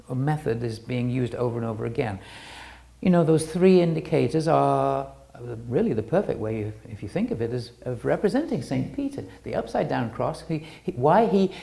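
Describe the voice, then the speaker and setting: A woman presents an illustrated talk in a low, mellow voice with a heavy gravelly edge. She rambles and restarts her sentences, her pitch swinging widely as she explains.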